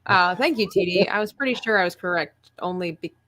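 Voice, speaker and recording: Low-voiced woman chatting on a podcast. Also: fairly quick, pushed and bright, dry recording. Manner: chatty, laughs easily. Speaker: podcast co-host. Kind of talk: casual chat.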